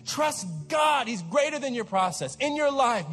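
High-pitched pastor preaching in a big hall. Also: male voice, lively intonation, unhurried, soft background music. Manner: fervent, repeats refrains, rises to shouts. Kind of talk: sermon.

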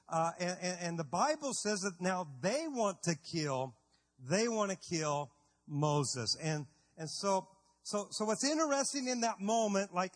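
Male preacher, high voice, stammers and repeats, long hall echo. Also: fairly bright tone. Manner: repetitive, stammering restarts, acts out voices of biblical figures. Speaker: pastor. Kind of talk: sermon.

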